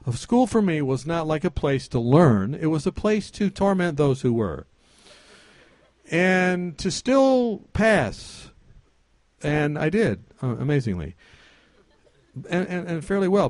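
A male preacher delivering a sermon with sweeping shifts in volume and pitch, booming on his key points and dropping low and soft for personal stories. He sounds close and dry, with little room around his voice, and he jokes easily with his listeners. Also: no echo. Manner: dynamic, swings between loud emphasis and hushed intimacy; jokes with the congregation.

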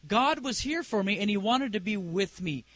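A man's voice: high-pitched, lively intonation, normal speed, a bit bright, no room sound. A middle-aged man preaching a sermon as a preacher and singer, telling a personal story in a conversational way and asking the congregation questions.

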